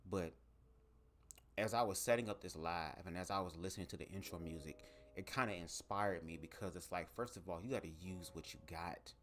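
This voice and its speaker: A man hosting a casual livestream, talking straight to his viewers in an animated, profane way from a home setup at his microphone. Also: low-pitched, a little fast. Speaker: livestream host. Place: home setup, speaking to camera. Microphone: desk microphone.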